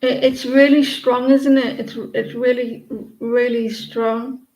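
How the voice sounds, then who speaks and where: A woman's voice: on the high side, little pitch movement, slow pace, darkish tone. Chatty woman tarot reader, roomy sound. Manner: chatty, rambling, often restarts sentences. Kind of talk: casual live-stream tarot reading.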